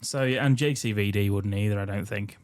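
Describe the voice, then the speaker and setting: A man's voice: lowish voice, brisk, darkish tone, dry recording. Man, dry wry plot recapper. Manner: wry, crude plot recaps with frequent laughter. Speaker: podcast co-host. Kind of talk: casual chat recapping a film.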